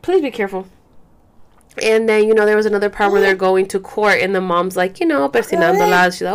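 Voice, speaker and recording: A young woman talks straight to her viewers from home, loose and candid, with plenty of filler words. Her voice sits at an ordinary middle pitch, and she drops in curses freely. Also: brisk, clear, resonant tone. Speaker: vlogger. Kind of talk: casual talk to camera. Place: home, caring for a baby.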